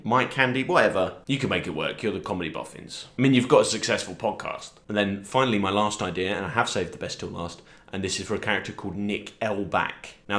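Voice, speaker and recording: A young man rambling through a deadpan, self-deprecating comic monologue, pitching silly character ideas. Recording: roomy echo.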